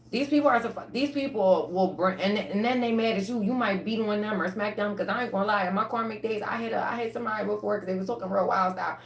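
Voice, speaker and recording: A woman tarot reader talking to her viewers in a casual livestream reading, blunt and profane, with lively rants. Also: lowish voice, echoey room, slight background noise.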